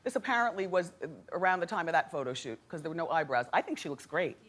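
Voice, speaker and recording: A woman's voice: lowish voice, very animated, quick pace, fairly bright tone. A middle-aged woman hosting a daytime talk show, telling gossip stories in a chatty, dramatic way with frequent laughs. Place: TV studio with live audience. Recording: studio audience noise and crowd.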